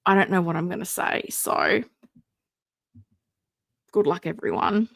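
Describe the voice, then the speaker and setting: A woman's voice: fairly low pitch, measured pace, vocal fry. An Australian woman hosting a casual livestream, tired and rambling, with a wry, mumbly way of talking. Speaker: host of a figure collecting livestream.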